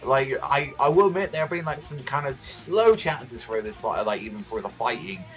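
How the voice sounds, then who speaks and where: Male vlogger, mid pitch, swears constantly and rambles excitedly; faint music underneath. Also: normal speed. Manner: excitable, profane, rambling with many fillers. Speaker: manga reaction vlogger. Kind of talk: casual reaction commentary.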